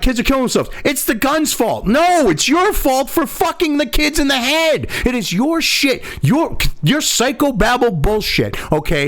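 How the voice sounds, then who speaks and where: A man's voice: very high-pitched, fairly bright tone. A male host delivering a profane, angry political commentary rant full of sarcasm. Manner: angry, sarcastic, swears constantly.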